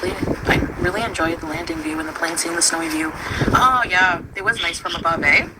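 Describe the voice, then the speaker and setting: A woman's voice: fairly low pitch, fairly quick. Rambling woman livestreaming at home. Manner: rambling, chatty, with frequent laughs and fillers. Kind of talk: casual livestream chat. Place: at home with her pets. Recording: noisy home stream recording.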